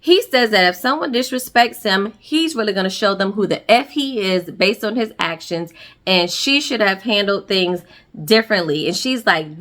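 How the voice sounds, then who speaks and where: Woman, bright forceful voice, sassy casual recap, slangy asides to viewers. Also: mid-range voice, moderate pace. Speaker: reality TV recap host.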